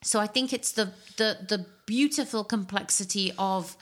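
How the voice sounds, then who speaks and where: Woman on a movie podcast, mid pitch, stumbles and restarts a lot. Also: normal speed, a bit bright. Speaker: film podcast co-host. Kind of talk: casual film review chat.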